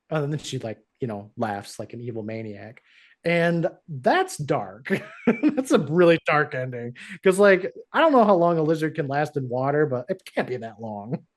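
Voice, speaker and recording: A man with a slightly higher voice hosts a podcast recap in a studio. He tells the story with lively energy and jumps into quick voices for each character as he goes. It is casual, chatty storytelling. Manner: animated storyteller who acts out character lines. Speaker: podcast host.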